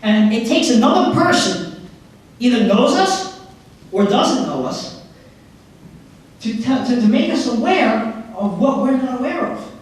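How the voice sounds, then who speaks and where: High-voiced man speaking in an echoey hall. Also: unhurried, pauses often. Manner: lively storyteller who acts out characters. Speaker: motivational speaker. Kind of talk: live presentation with storytelling. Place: public library meeting room before an audience. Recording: very echoey hall recorded from far off.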